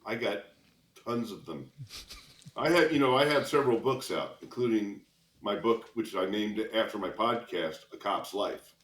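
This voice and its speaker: On the low side and at a moderate pace, this retired cop in his sixties recounts vivid anecdotes for a podcast interview. He chuckles between lines throughout, and there's a roomy echo on the recording.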